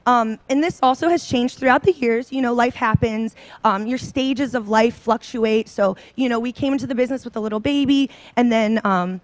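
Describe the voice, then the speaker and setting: With hardly any pauses and no room sound, a woman in her thirties speaks at a moderate pace in a slightly high voice. She's giving a personal talk to a seminar audience on a handheld mic, bubbly, a bit nervous, and full of ums and likes.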